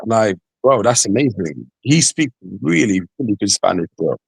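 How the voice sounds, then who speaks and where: A man's voice: fairly low pitch, big pitch swings, normal speed, gravelly, husky, no echo, low-quality recording. A man in casual stream chat, talking earnestly and encouragingly, repeating his points.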